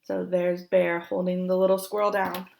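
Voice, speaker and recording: A young woman reading a picture book aloud, gentle and expressive, pausing to point at the pictures. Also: fairly low pitch, vocal fry, a little hiss or hum. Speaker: storybook reader.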